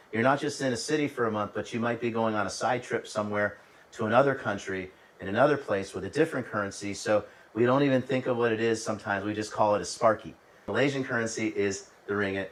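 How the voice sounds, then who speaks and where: Guy with a lowish voice telling a travel story, chatty, talks to you directly, sounds a bit far from the mic. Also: fast. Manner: conversational, with frequent restarts and asides to the listener. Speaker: host telling travel stories. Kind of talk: casual storytelling monologue.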